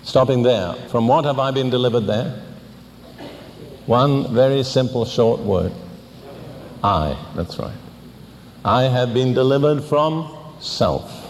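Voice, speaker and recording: An older man preaching a sermon, teaching deliberately and asking pointed questions. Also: mid-range voice, in a large hall, a little hiss or hum.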